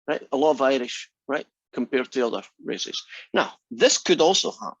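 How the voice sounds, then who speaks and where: A man's voice: medium pitch, lively intonation, moderate pace, vocal fry, husky, no echo, dull audio. A man teaching a statistics class, reasoning aloud and asking the class many questions. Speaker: math instructor. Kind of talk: classroom lecture.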